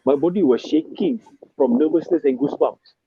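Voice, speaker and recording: A man with a Malaysian English accent, an emcee telling stories in a casual interview, often repeating words when he gets excited. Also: a little high, a little fast, breathy edge, dry recording. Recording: dry, phone-like narrow sound.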